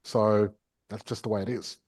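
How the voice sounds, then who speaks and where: Podcast host, man, low husky voice, walks through a concept in casual talk. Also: flat delivery, normal speed, darkish tone. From Australia. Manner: chatty, explains step by step with a drawing. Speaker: property investment podcast host.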